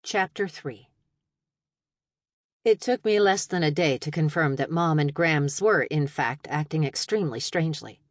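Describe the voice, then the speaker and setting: A woman narrating a first-person audiobook in an expressive, wry storytelling manner. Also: deep voice, unhurried, no echo. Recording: dry studio narration.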